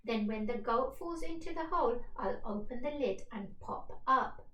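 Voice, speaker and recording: A woman's voice: fairly high pitch, expressive, moderate pace, pushed and bright, reverberant, distant mic, low-quality recording. A woman doing a meek little troll. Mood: scheming. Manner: small timid voice. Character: hungry male troll, meek and scheming.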